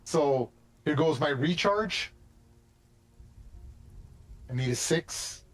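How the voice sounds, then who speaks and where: Chatty game master, higher male voice. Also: lively intonation, drawn-out words. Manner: casual, chatty, swears lightly. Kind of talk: narrating a tabletop game.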